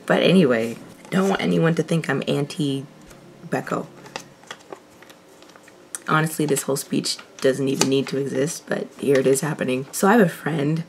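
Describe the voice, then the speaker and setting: A woman's voice: low voice, normal speed, creaky, pauses often, background noise. A young woman hosting a reaction video, talking casually and rambling with frequent laughs. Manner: chatty, rambling, laughs often.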